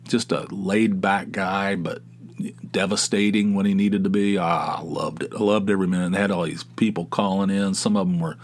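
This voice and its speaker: Low-voiced rambling podcast host man. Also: steady tone, moderate pace. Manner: meandering, stammering restarts, self-deprecating. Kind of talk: casual solo podcast talk.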